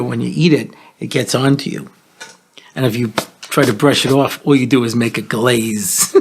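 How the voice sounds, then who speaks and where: A man in his sixties hosting a talk show, telling jokes and stories with deadpan punchlines. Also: medium pitch, gravelly. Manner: joking, deadpan punchlines, playful storytelling. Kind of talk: comedic talk show monologue.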